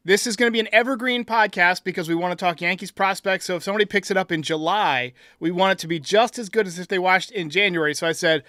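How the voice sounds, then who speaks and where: A man hosting a sports podcast, talking in an energetic, upbeat way and laughing easily. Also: sits high, fast talker, hardly any pauses, no echo, clean studio sound. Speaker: podcast host. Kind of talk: casual sports podcast talk.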